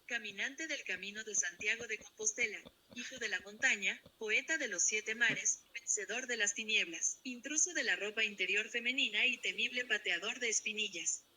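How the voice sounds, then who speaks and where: A man's voice: high-pitched, fast, hardly any pauses, sharp tone, slight background noise, pitched above the performer's own voice, low-quality recording. A man voicing a boastful Spanish male fighter, reciting titles grandly in a put-on Spanish accent. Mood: grandiose.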